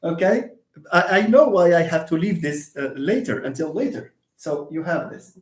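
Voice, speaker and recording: Very animated, the English teacher talks through a live online lecture in a patient, chatty, mid-pitched voice. The speech stretches words slowly and breaks into frequent easy laughter, addressing students by name. The audio is roomy, with the echo of an empty space.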